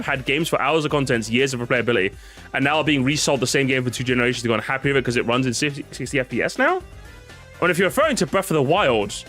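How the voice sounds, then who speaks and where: Male streamer, casual react-stream talk, swings his pitch all over, laughs a lot. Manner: excitable, laughs often, swears casually.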